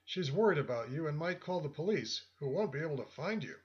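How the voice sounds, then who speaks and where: A man's voice: fairly high pitch, expressive, brisk, lightly acted. A man voicing a suave, condescending older man with a walking stick, who speaks in a friendly but patronizing way, in a lo-fi recording. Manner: friendly yet patronizing, calls listener "son". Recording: dull lo-fi audio.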